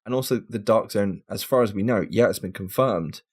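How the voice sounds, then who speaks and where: A man's voice: on the low side, a little fast, a little mellow, slightly rough. A man hosting a casual gaming podcast, talking in a rambling, laid-back way and swearing now and then. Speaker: podcast host.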